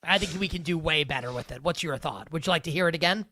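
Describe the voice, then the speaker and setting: A man's voice: on the high side, quick pace, pushed and bright, no room sound. A man hosting a live sports betting show, joking loosely and rambling with restarts. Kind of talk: casual live show chat.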